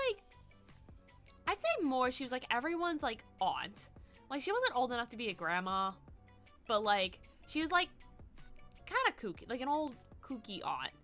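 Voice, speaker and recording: A woman's voice: high voice, big pitch swings, unhurried, pauses often, bright, forceful tone, faint music behind. A young woman from the US East Coast, a streamer chatting casually, rambling with lots of "like" and swearing. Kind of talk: casual chat.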